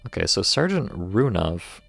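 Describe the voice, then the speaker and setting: A man's voice: sits low, very animated, measured pace, creaky, a bit bright, no room sound, faint music behind. An American man streaming a video game, commenting with dry, sarcastic asides and reading in-game text aloud.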